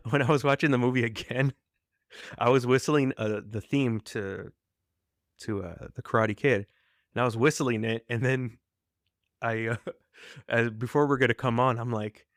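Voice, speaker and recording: A man hosting a casual podcast over a video call, chatty and quick to laugh. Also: mid-range voice, steady tone, no echo, clean studio sound. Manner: chatty, laughs often, hums along and quotes lines. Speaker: podcast host. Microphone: video call mic.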